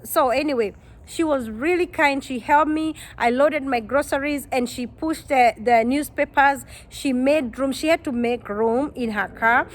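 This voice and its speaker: A woman, a vlogger telling a personal story to her viewers, animated and exclaiming, quoting people in dialogue. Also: sits high, a little hiss or hum. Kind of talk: storytime vlog.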